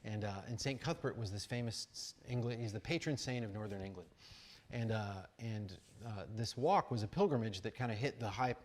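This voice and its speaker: A man's voice: lowish voice, brisk. Storytelling American man at a live talk. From United States. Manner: storytelling, animated, fillers and restarts. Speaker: speaker at an arts conference. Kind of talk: talk mixing read essay and casual anecdote.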